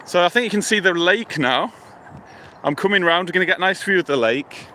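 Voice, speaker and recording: A man from the United Kingdom livestreaming on his phone while walking outdoors by a lake, chatting to viewers in a relaxed, rambling way. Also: high-pitched, fairly quick. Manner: relaxed rambling, thinking aloud, talks to viewers. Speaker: live-stream vlogger. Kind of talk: casual walking livestream chat. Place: outdoors by a lake and river near a motorway. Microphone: phone held while walking. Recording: outdoor traffic hum behind.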